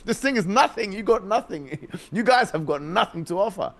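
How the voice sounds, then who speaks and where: A man arguing in an animated podcast chat, mocking his opponents and laughing as he makes his points. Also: high-pitched, normal speed, gravelly. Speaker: debater guest.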